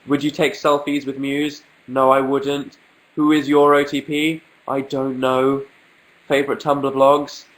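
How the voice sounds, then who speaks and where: This young Englishman, sniffling through a cold, takes viewer questions on a relaxed home livestream using a webcam mic, repeatedly joking in a dry, self-mocking way about his illness. He speaks in a mid-range voice at a measured pace, and the recording quality is low.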